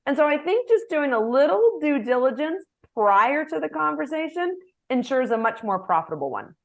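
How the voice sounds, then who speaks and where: A middle-aged woman executive coach answering interview questions in a lively way, acting out example phrases. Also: sits high, moderate pace, gravelly. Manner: animated, gives examples with acted phrases.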